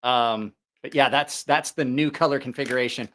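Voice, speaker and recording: Middle-aged male livestream host, bright, crisp tone, casual and rambling. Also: medium pitch, moderate pace. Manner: rambling, with many fillers and restarts. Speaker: knife channel host.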